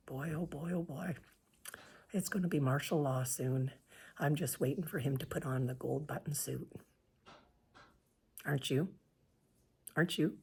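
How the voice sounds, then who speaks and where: Woman from Canada, deep and very breathy, earnest pained vlog monologue. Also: measured pace, pauses often, a little mellow. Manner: earnest and pained, at times dropping to a whisper. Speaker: vlogger sharing her views. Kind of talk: emotional personal monologue.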